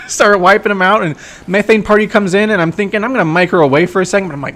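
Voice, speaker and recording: Brief: young male game commentator, excitable and profane, a little higher than usual. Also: quick pace. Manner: excitable, swears, shouts when reenacting his trash talk. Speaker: gameplay commentator. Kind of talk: casual match breakdown commentary.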